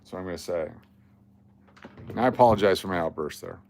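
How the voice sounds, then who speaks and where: A man's voice: low-pitched, brisk, vocal fry, darkish tone, a little hiss or hum. A man hosting a casual livestream, talking to his chat in a blunt, joking, rambling way. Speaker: livestream host.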